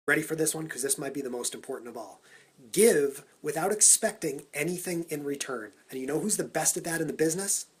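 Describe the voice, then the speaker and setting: A man vlogging for social media, talking in an energetic, punchy countdown style into a phone held at arm's length. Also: on the high side, a little fast, slightly rough. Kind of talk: upbeat Snapchat vlog talk.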